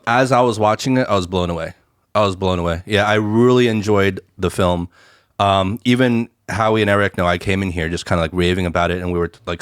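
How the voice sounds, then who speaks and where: A man's voice: low-pitched, no room sound, clean studio sound. A man co-hosting a casual podcast, talking eagerly with lots of fillers like "um" and "like". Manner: enthusiastic, filler-heavy speech. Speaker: podcast co-host.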